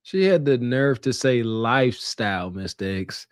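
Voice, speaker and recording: A man's voice: medium pitch, expressive, a little slow, smooth, dry recording, clean studio sound. A man co-hosting a podcast, giving blunt, mocking dating commentary. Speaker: podcast co-host. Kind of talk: casual commentary.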